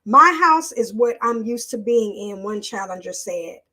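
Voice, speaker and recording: A woman's voice: medium pitch, animated, measured pace, bright, forceful tone. A woman hosting a live online show, chatting casually with viewers and reading a news article aloud in a loose, off-the-cuff way.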